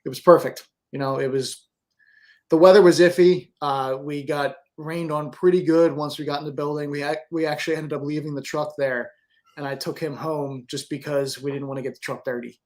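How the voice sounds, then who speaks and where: A man's voice: a little high, fairly even intonation, brisk, darkish tone. A man who is a guest photographer in a casual studio chat, easygoing and agreeable. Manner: easygoing, agreeable, short replies.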